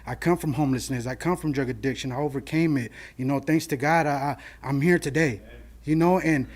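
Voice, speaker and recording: A man's voice: mid-range voice, fairly quick, a little mellow. A man speaking earnestly at a city council meeting, heartfelt and plain, often saying "you know". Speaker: shelter monitor giving public comment. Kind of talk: public comment at a council meeting. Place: council chamber.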